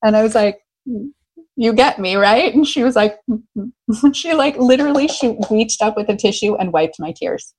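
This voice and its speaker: A middle-aged American woman, a love coach, talking enthusiastically in an interview and telling lively stories with easy laughter. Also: on the high side, normal speed, slightly rough. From United States. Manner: enthusiastic, animated, laughs easily. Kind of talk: conversational interview storytelling.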